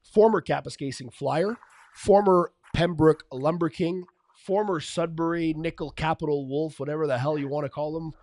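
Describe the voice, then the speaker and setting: A man's voice: on the high side, normal speed. Casual male podcast co-host. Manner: relaxed, filler-heavy, frequent restarts. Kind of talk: casual hockey podcast chat.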